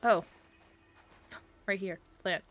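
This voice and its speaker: A woman's voice: mid-range voice, drawn-out words, slight background noise. A woman streaming as a VTuber, chatting casually and playfully while she plays, rambling from topic to topic and talking back to the game. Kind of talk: casual live-stream chat while gaming.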